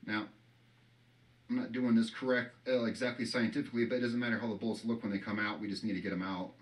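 A man's voice: fairly low pitch, flat delivery, quick pace, distant mic. A man hosting a casual how-to vlog, rambling and joking as he works and swearing now and then. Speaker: channel host.

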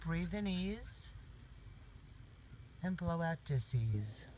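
A man leading a guided meditation, giving soft, gentle step-by-step instructions. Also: on the high side, very animated, very slow, slight background noise, rough recording. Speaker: meditation teacher.

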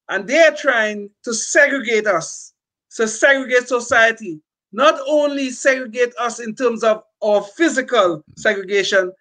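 A man's voice: high voice, a bit bright. An older man co-hosting a political talk show, speaking emphatically with frequent restarts. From California. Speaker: podcast co-host. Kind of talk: political commentary.

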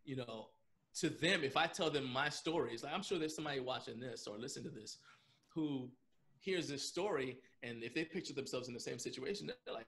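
A man on a podcast recounting a story in a casual, rambling way, often breaking into laughter. His voice sits at an ordinary middle pitch, and he goes back over his words and stacks up fillers as he talks. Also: a little fast. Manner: animated storyteller who laughs often while telling; loose, rambling with frequent restarts and fillers. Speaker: podcast guest.

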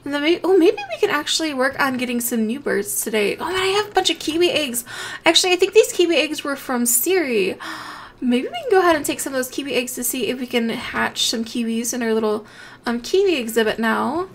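A young woman hosting a game channel, chatting casually as she plays and gushing over animals with excitable, sweet baby-talk. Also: high-pitched, fairly quick. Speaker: gaming channel host.

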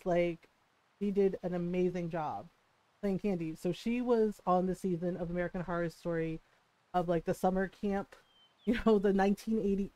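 Woman, streamer, casual live-stream rant, laughing, swearing, medium pitch, dry close sound. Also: dry recording, rough recording. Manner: animated storytelling rant, frequent laughs and swearing.

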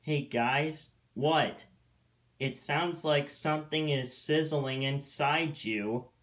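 A man puts on a small, sensible young male steam engine from a storybook, exasperated with the bickering. The voice sits a bit higher than his own and carries a teasing edge. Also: takes it slowly, a bit bright.

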